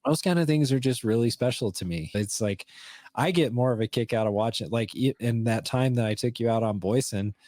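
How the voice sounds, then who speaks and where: A man's voice: medium pitch, brisk, a little mellow, no echo, clean studio sound. A middle-aged man co-hosting a podcast, telling fishing stories in an easygoing, casual way. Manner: storytelling, easygoing. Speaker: podcast co-host. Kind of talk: casual conversation.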